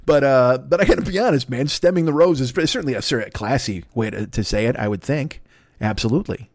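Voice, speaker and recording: Fast-talking profane older man ranting solo. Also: medium pitch, no echo. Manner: profane, rambling, self-mocking. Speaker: podcast host. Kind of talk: solo comedic rant. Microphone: laptop microphone.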